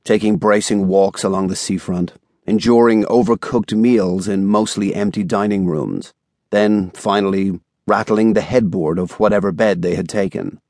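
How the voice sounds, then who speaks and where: A man reading a thriller audiobook in a measured, even storytelling style, recorded on a studio microphone. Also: lowish voice, dry recording. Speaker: audiobook narrator. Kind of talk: scripted narration.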